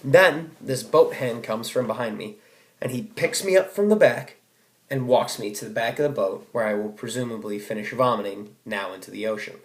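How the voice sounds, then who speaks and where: A man's voice: medium pitch, normal speed. Wry teenage boy in an echoey room. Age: teens. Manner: wry, self-mocking storytelling with sudden outbursts. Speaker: student giving a speech. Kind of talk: comic personal essay read aloud.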